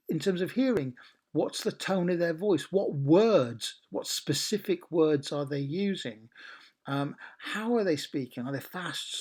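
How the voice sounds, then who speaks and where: A man's voice: on the high side, a little mellow. A man coaching a training session, working through ideas in lists and asking the group questions. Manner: questioning, listing with many pauses.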